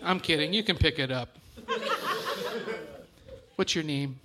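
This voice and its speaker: A man doing stand-up crowd work in a comedy club, halting and self-deprecating as he teases an audience member. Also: a little high. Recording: live club mic with room noise.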